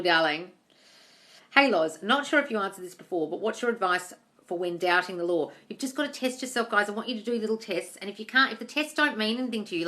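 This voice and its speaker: Blunt, sweary woman with a bright voice. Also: fairly low pitch. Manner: blunt, sweary, calls viewers darling. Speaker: manifestation coach answering live chat questions. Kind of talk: live-stream Q&A, reading comments aloud.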